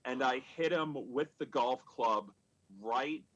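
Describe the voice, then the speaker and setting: A man in his thirties spins a funny story from his childhood at a live storytelling show. He rambles and stops himself, circling back with lots of fillers and restarts. His voice sits at an ordinary middle pitch. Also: fairly bright tone, muffled recording. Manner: rambling and halting, full of "like" and restarts. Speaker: stand-up comic telling stories.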